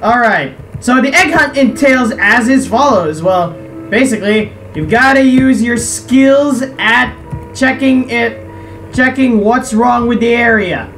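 A woman's voice: fairly high pitch, takes it slowly, slight background noise. A woman playing a farming game, casually reading characters' lines aloud and trash-talking with lots of swearing. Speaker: let's play gamer. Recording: distant mic with loud game music.

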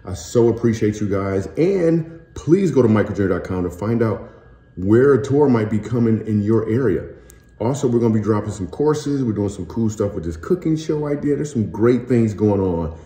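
A man with a low, mellow voice makes a casual announcement to his podcast listeners. He jokes, milking playful dramatic pauses, and the sound carries a roomy echo. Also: animated. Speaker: podcast host.

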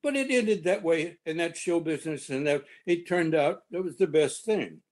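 A man in his seventies recalling a backstory in halting, rambling fashion over a video call. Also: a little high, a little mellow. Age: 70s. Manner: halting, rambling recollection with many restarts. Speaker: original cast member at a reunion. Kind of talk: reminiscing on a video panel.

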